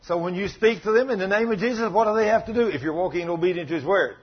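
A man's voice: sits high, racing, husky, highs cut off. A man preaching a sermon who tells stories with animation and acts out the people in them. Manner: animated storytelling, voices the people in his stories.

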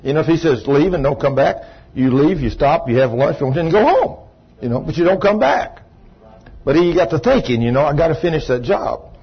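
A man preaching a sermon, telling a long rambling story in a folksy way and breaking into shouts of praise. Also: fairly high pitch, lively intonation, moderate pace, gravelly, husky. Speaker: pastor. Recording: muffled lo-fi recording.

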